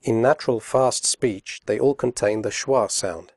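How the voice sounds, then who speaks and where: A man with a British accent teaching English pronunciation, modelling words and sounds slowly and clearly for learners. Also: medium pitch, dry recording, clean studio sound. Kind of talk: scripted instructional narration.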